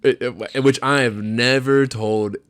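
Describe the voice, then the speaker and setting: A man's voice: mid-range voice, slow pace, dry recording. A young man, a podcast co-host, telling a story in casual chat, swearing a lot and acting out what people said. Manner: profane, animated storyteller acting out quotes.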